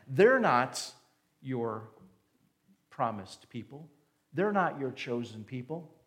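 An indignant prophet in a sermon retelling, bitter and accusing as a man acts him out. His voice rides high and complains slowly, pressing one rhetorical question after another at God. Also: fairly bright tone, heavily acted.

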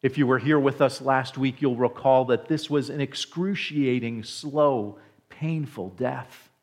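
A man preaching a sermon to his congregation, slow and deliberate, dropping to a hushed voice on solemn phrases. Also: mid-range voice. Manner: slow, deliberate preaching with dramatic drops in volume. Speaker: pastor.

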